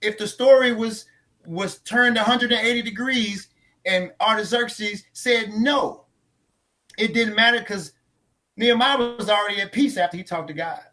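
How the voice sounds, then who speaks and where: A man with a fairly high voice and a bright, forceful edge. He talks about faith after a sermon, emphatic and preacherly, and he often repeats his key lines for weight. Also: normal speed. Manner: trains others in tone and inflection. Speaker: church leader on a post-sermon talk show. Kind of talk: casual faith discussion.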